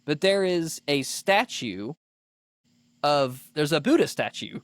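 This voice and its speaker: A man co-hosting a podcast, telling an animated story in casual chat, full of "like" fillers. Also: a little high, slow pace, no room sound. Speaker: podcast co-host.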